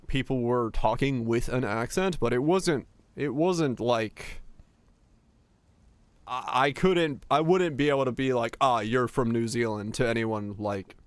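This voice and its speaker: A man's voice: mid-range voice, dry recording. A young man from Finland, chatting casually with his viewers while streaming a game, rambling with lots of restarts and fillers.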